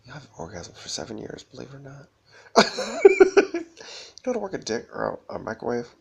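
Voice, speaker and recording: A man's voice: mid-range voice, very animated, racing, vocal fry, husky. A man rambling through a disjointed, profane monologue to camera, often breaking into laughter.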